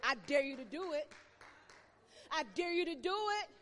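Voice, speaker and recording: A woman preacher delivers an impassioned sermon in a very high, sharp, bright voice. She drives call-and-response with her congregation. Her words ring out with the long reverb of a large church hall. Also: normal speed.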